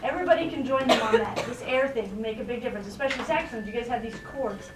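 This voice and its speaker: High-voiced woman coaching a band, echoey room. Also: rapid-fire. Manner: encouraging, explains with everyday comparisons. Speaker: guest band conductor. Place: school band rehearsal room. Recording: echoey room, distant mic, noisy.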